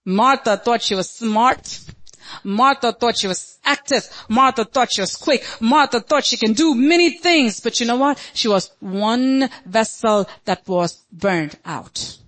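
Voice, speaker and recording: A woman's voice: on the high side, unhurried, fairly bright tone. A woman pastor preaching a sermon in an emphatic, dramatic way, often acting out quotes.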